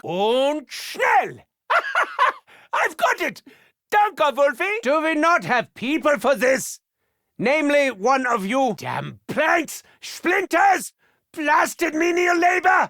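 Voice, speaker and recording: An actor playing a manic, gleeful male mad scientist in a video game, with a German accent, theatrical delivery and sudden shouts and cackles. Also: high-pitched, gravelly, no room sound, studio quality, heavily acted. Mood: disdainful.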